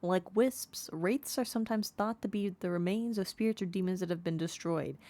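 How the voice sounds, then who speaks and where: A woman's voice: lowish voice, normal speed, warm tone. A woman streaming a game, chatting casually and reading in-game text aloud, sounding out unfamiliar words as she goes.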